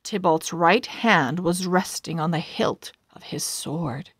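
A woman reading a children's storybook aloud in a calm, measured way. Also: on the low side, husky, dry recording, clean studio sound. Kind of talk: children's book read-aloud.

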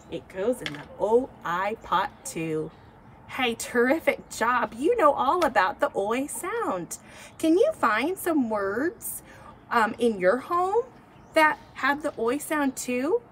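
A woman teacher giving a slow, encouraging phonics lesson to young children. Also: on the high side, fairly bright tone, a little hiss or hum. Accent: American. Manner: slow, encouraging, sing-song teacher talk.

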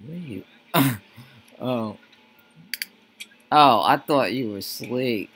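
A man's voice: mid-range voice, expressive, very slow, fairly bright tone, slight background noise. A man giving casual gameplay commentary, mumbling to himself and talking to the characters on screen. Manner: mumbling, talks to the game characters. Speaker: Let's Play gamer.

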